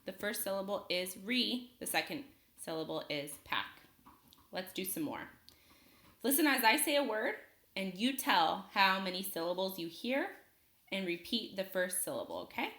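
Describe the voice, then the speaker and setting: A woman teaching a phonics lesson to young children, speaking slowly and clearly and pausing for them to answer. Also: medium pitch, animated, a bit bright, echoey room. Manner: slow, clear, patient teacher talk with pauses for students.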